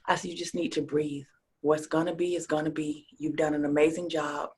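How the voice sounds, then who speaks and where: Woman, husky, casual interview chat, acts out quotes, whispers and exclaims. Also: deep voice, fairly quick. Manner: animated storyteller who acts out quotes, dropping to a whisper and rising to near shouts. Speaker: interview guest, speaker and coach.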